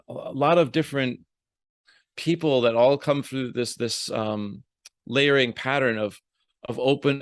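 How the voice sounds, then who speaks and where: A man's voice: medium pitch, a bit bright, dry recording, studio quality. A man in his fifties, a podcast guest who practices alternative medicine, speaking casually and hesitantly with many fillers. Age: 50s. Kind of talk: casual conversation.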